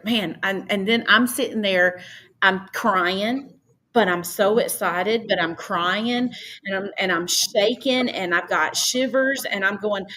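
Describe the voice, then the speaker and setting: A woman, a podcast guest telling personal stories in a casual, animated way and acting out her own past dialogue. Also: medium pitch. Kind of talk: casual storytelling.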